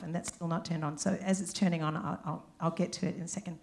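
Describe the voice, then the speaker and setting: A woman's voice: fairly low pitch, steady tone, fast, gravelly, few pauses, darkish tone. An Australian woman giving a candid, chatty, self-deprecating acceptance speech into a handheld microphone on a concert stage. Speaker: award inductee and singer.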